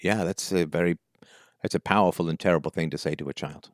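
A man's voice: deep voice, steady tone, fast, no echo, clean studio sound. A man hosting a call-in advice show, questioning a caller bluntly and emphatically. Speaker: call-in show host, philosopher.

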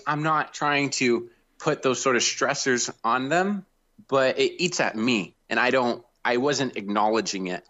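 A man calling in to an advice show, talking hesitantly with many pauses and restarts. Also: mid-range voice, pushed and bright. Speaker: caller. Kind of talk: call-in conversation. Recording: dull lo-fi call line.

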